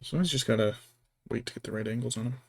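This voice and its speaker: A man's voice: mid-range voice, very fast, creaky, a little mellow, breathy edge. A man streaming as he paints miniatures, talking casually and muttering to himself as he works. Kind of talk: casual chat while working.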